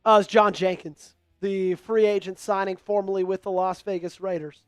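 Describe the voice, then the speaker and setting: A man calling a game live for an online fan stream, hyped and pleading with his viewers, rising to shouts at big plays. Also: high voice, fairly even intonation, moderate pace, clean tone, no room sound, studio quality. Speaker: fan livestream play-by-play host. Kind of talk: excitable live play-by-play commentary.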